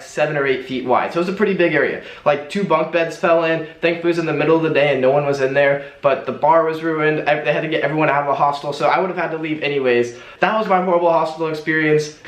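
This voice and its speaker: A young man telling a travel story to camera in an animated storytime vlog. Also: on the high side. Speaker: travel vlogger. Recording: roomy echo.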